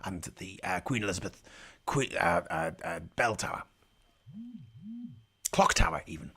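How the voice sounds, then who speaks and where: A man's voice: fairly low pitch, creaky, a little mellow, breathy edge. A man giving irreverent live commentary in a mock pirate voice, dropping growling asides between jokes. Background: faint music from the broadcast feed.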